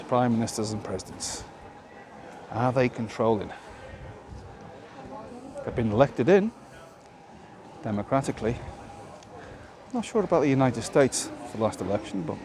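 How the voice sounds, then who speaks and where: A man vlogging outdoors on a town walk, rambling and opinionated, full of rhetorical questions. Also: mid-range voice. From Britain. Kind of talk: casual walking monologue. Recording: outdoor street noise.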